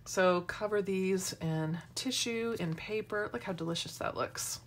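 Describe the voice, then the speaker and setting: The speaker is a middle-aged woman hosting an informal craft tutorial, chatting and slipping into asides as she goes. She has a medium-pitched voice and an unhurried pace, with a little hiss or hum in the background.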